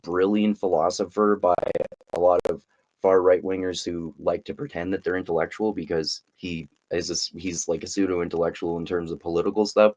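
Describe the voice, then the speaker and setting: A man's voice: low voice, a little mellow, poor audio. A man giving casual, profane, sarcastic commentary while reading from a book. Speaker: commentary channel host.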